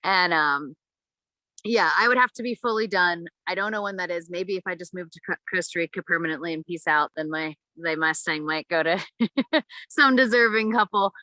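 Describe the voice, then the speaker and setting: Bright-voiced woman in dry close sound. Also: fairly low pitch, normal speed, dry recording, poor audio. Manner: easygoing, laughs often. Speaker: guest. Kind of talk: casual chat.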